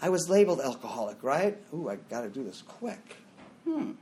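A middle-aged man sharing his own recovery story at a meeting, talking casually and jumping into loud acted-out quotes. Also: on the high side, very animated, brisk, slight background noise. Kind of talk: personal story shared at a meeting.

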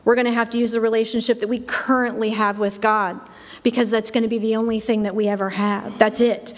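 A woman's voice: a little high, flat delivery, fairly quick. Middle-aged woman telling her story in a hall. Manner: storytelling, repeats phrases for emphasis. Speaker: speaker sharing personal testimony. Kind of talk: spoken personal testimony. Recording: long hall reverb.

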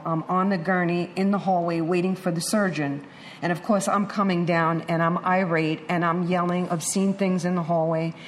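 A woman's voice: lowish voice, slight background noise. A middle-aged woman giving a candid personal testimony to an audience, acting out the voices she quotes. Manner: candid, animated storytelling with acted-out quotes. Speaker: speaker sharing a recovery story.

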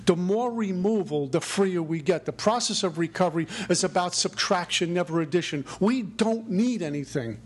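A man's voice: sits high, expressive, moderate pace, hardly any pauses, slightly rough. A middle-aged man giving a spiritual recovery talk, earnest and reflective, with a preacherly lilt. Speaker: recovery speaker.

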